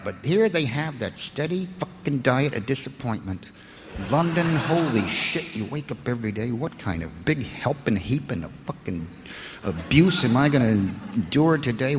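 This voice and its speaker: An American man doing a stand-up comedy set on a club stage, profane and ranting, often rising into loud shouts. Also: mid-range voice, in a large hall, background noise. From United States.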